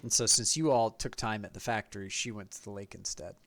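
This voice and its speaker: A man's voice: fairly low pitch, a little fast, fairly bright tone. A man narrating as game master, explaining at length with apologetic asides.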